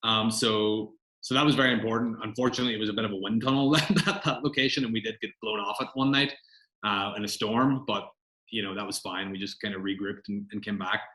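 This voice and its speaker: A man's voice: on the low side, fairly even intonation, fast talker, pushed and bright, roomy sound, rough recording. A man, a film director answering interview questions in a chatty, rambling way with many fillers.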